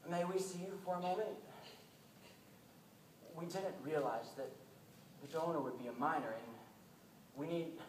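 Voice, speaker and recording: Young man playing a grave old doctor, halting. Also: fairly high pitch, a little hiss or hum, lightly acted. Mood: somber. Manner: hesitant, halting pleas. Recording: echoey hall, mic far off.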